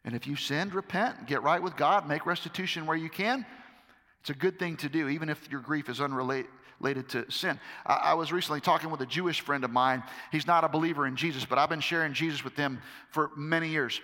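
A middle-aged male pastor preaches in a casual, emphatic way and drives his points home through repetition. His voice is high and bright. It rings out with a long hall reverb. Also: brisk. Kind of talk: sermon. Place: large hall with a live audience.

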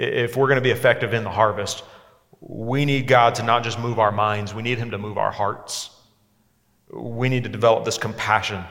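A man in his forties preaching a sermon, impassioned, moving between hushed lines and emphatic ones. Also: lowish voice. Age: 40s. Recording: echoey hall sound.

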